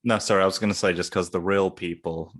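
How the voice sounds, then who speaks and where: A man's voice: deep voice, steady tone, fast talker. A man co-hosting a casual film podcast, musing and hedging his points with a self-deprecating touch. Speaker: podcast co-host. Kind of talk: casual film review chat.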